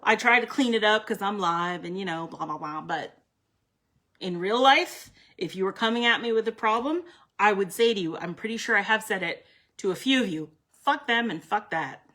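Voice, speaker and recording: A woman's voice: medium pitch, lively intonation, moderate pace, fairly bright tone. A woman giving a live tarot reading, talking bluntly and emphatically, swearing freely and chatting with viewers by name. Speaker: tarot card reader.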